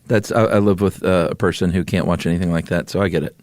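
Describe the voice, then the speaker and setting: A man's voice: deep voice, steady tone, quick pace, darkish tone, no room sound, studio quality. A man co-hosting a podcast, explaining things in an easygoing way and laughing often. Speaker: podcast co-host. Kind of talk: casual chat.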